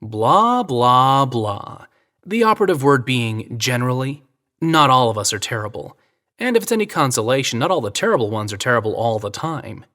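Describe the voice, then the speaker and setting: A man's voice: medium pitch, big pitch swings, moderate pace, fairly bright tone. A man voicing a teasing American woman photographer. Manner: playful, teasing, coy. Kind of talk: audio drama reading.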